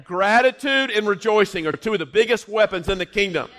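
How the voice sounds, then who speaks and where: A middle-aged man preaching a sermon, jumping from quiet, low asides to loud, high exclamations, with jokes and personal stories along the way. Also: lively intonation, brisk. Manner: joking, storytelling delivery.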